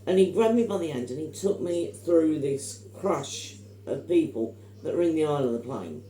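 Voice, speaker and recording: A woman's voice: low voice, animated, normal speed, dark tone, echoey room, slight background noise, low-quality recording. A middle-aged woman, telling stories in casual chat, emphatic and opinionated. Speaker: vlogger.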